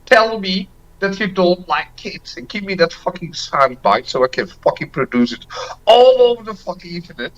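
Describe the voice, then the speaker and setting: A man's voice: sits high, animated, normal speed, a bit bright, lo-fi sound. A man calling in to a show with a thick put-on accent, ranting in a profane, insulting, berating way. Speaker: caller. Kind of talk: phone-in rant.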